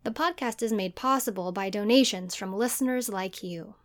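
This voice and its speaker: A woman co-hosting a podcast in relaxed conversation, her voice sitting at an everyday middle pitch. She talks loosely, with filler words and easy hedges, then shifts into the show's sign-off. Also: moderate pace. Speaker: podcast host and producer. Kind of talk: casual chat.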